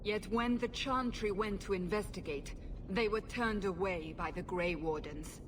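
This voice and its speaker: Woman playing a pointed fantasy questioner, mid-pitched, rumble in the audio. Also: measured pace, close to an everyday voice. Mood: probing. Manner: pointed, probing. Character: stern woman interrogator from a fantasy game. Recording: game audio with rumble noise.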